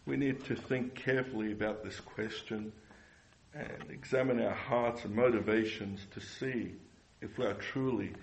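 A man's voice: lowish voice, fairly even intonation, normal speed, vocal fry, slight background noise, low-quality recording. A man preaching a sermon earnestly, repeating phrases and asking the congregation rhetorical questions.

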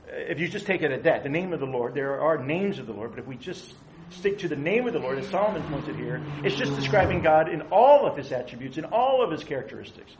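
A man's voice: on the high side, expressive, fast talker, lo-fi sound, background noise. Man preaching a conversational sermon. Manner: conversational, asks the audience questions. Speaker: pastor.

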